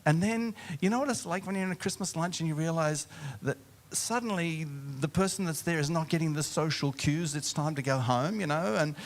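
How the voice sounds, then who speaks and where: A middle-aged pastor telling a humorous story from a church stage into a mic. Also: male voice, fairly high pitch, fairly quick. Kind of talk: sermon storytelling.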